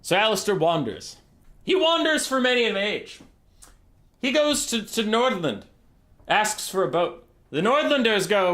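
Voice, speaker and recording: A man's voice: high-pitched, big pitch swings, a little slow, bright, forceful tone. A man streaming a strategy game, telling a rambling, sweary comic story as he plays.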